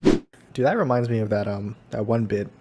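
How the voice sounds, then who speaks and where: A man's voice: on the low side, normal speed, very noisy. A young man hosting a casual podcast, joking around with a friend. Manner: jokey, puts on silly voices and laughs a lot. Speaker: podcast host. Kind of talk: casual chat.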